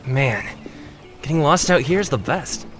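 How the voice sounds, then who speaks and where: A slightly high, laid-back male voice: an easygoing guy with a wry, dry humor, over light music in a radio commercial. He stays relaxed and amused. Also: unhurried. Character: easygoing adult man lost at work. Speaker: ad character.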